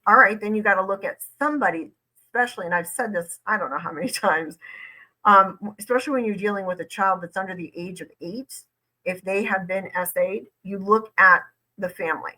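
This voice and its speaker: Emphatic woman lawyer with bright voice. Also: mid-range voice, brisk, poor audio. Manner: conversational, emphatic, repeats points for stress. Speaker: lawyer commentator. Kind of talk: reaction commentary.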